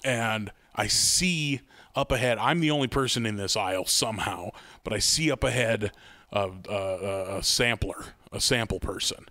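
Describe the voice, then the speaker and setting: Animated, swearing man telling a story. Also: fairly low pitch, normal speed, no room sound. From American Midwest. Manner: animated storyteller, swears freely, acts out quoted voices. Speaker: podcast co-host. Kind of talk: casual storytelling chat.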